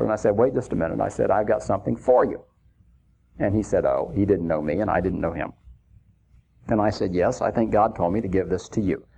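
A man's voice: on the low side, gravelly, warm tone, a little hiss or hum. A man preaching, telling a personal story in a folksy, chuckling anecdotal way. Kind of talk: sermon storytelling. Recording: dull lo-fi recording.

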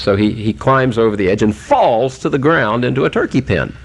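A male preacher telling a humorous animal story in a folksy, unhurried sermon, with many pauses and fillers. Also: mid-range voice, expressive, creaky.

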